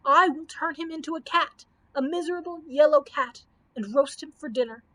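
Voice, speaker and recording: A woman's voice: high-pitched, normal speed, sharp tone, no echo, voice pushed up. A woman voicing an angry old male wizard who screeches threats. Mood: grief-stricken rage.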